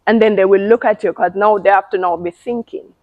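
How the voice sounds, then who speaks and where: A woman's voice: medium pitch, steady tone, brisk, phone-quality sound. A woman hosting a casual talk on parenting, speaking emphatically and often repeating words. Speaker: parenting channel host.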